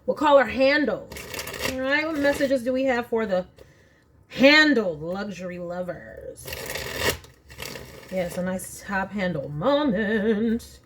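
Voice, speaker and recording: A woman's voice: medium pitch, lively intonation, slow pace, long pauses, noisy background. A woman reading tarot cards at home in a casual, chatty way, thinking aloud as she draws each card. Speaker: tarot reader.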